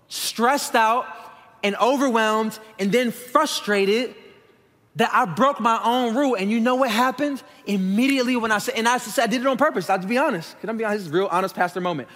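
Pastor guy in his 30s, kinda high voice, chatty honest sermon, big echoey church hall. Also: a bit bright. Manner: conversational and candid, addressing the congregation as y'all. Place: church sanctuary. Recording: long reverb of a large hall.

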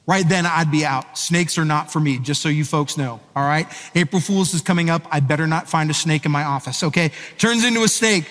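A man's voice: a little high, brisk, few pauses, fairly bright tone. A male pastor giving a sermon in a conversational, storytelling way, asking his listeners questions. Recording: echoey hall.

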